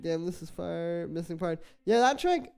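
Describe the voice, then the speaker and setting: On a relaxed live stream, a young music producer comments on tracks in a loose, filler-heavy way, with faint track music audible behind him. His voice is fairly high with lively intonation and vocal fry, at a normal pace.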